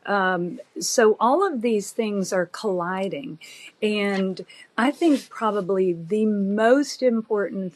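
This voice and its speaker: Woman, 50s, doctor guest, very slow pace, reflective, pausing, medium pitch. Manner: measured and reflective, frequent pauses and fillers. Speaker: OB-GYN guest. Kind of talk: conversational podcast interview.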